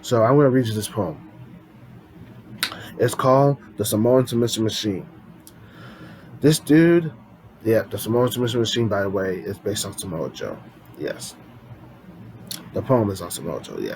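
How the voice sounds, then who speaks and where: A man with a fairly low voice reads his own poems in a casual, chatty way. He talks to his viewers like friends and often stops to restart or correct himself. There is a faint hum of noise behind him. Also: very animated, moderate pace, pauses often, a little mellow, rough recording. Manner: rambling, with frequent restarts and self-corrections. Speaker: poetry vlogger.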